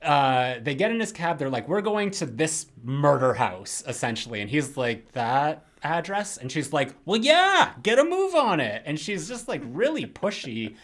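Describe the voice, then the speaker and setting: A young man co-hosting a casual film podcast, rambling and animated, mocking characters in quick put-on quotes. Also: a little high. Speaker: podcast co-host.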